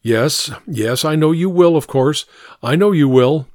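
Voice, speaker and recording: A man's voice: fairly high pitch, very animated, measured pace, no room sound, clean studio sound. A man reading aloud and voicing a cold, egotistical, nervous male doctor in a clipped, stiff way.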